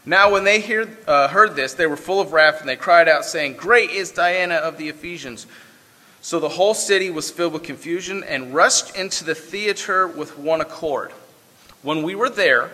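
A man preaching a sermon, mixing scripture reading with relaxed, folksy asides. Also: a little high, big-room sound. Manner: conversational, folksy asides with fillers. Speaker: pastor.

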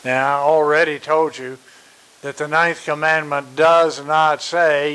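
A man delivers a sermon at an unhurried, measured pace, in a voice a little higher than most men's. He repeats key phrases for emphasis and fills his pauses with small hesitations. A faint steady hiss runs under the recording. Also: clean tone, poor audio. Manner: slow and deliberate, with repeated emphasis and fillers. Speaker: preacher.

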